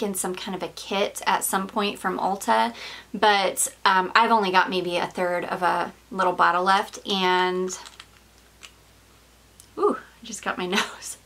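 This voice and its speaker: A woman's voice: mid-range voice, fairly bright tone. A woman with a mid-range voice chats her way through a perfume review, slightly out of breath. She gushes and rambles, full of "like" and "um" and small laughs. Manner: rambling, gushing, with frequent fillers and little laughs. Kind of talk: casual chatty vlog.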